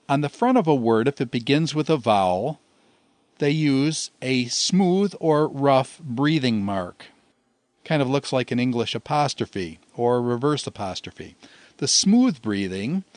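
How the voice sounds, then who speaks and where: A man's voice: medium pitch, no echo. A man teaching a lesson in a methodical way, explaining each point step by step. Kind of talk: recorded lecture.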